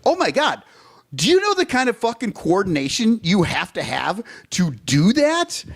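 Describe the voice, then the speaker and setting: A man co-hosting a baseball fan podcast who rants with heated, profane energy. His pitch sits a little high and swings widely as he gets worked up. He talks in a loose, casual way. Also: wildly swooping pitch, moderate pace. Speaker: podcast co-host. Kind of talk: casual sports chat.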